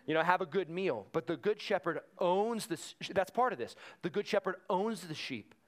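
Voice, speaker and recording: A man's voice: sits high, normal speed, few pauses. Man preaching conversationally. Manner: conversational preaching, animated retelling of stories. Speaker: pastor. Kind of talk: sermon.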